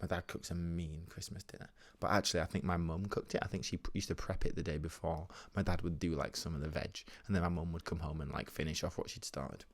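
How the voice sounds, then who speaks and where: A young man tells a casual, rambling anecdote on his solo show. His voice sits fairly low. He jokes and swings between loud bursts and near-mumbles. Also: fairly even intonation, quick pace, few pauses. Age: 20s. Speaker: podcast host.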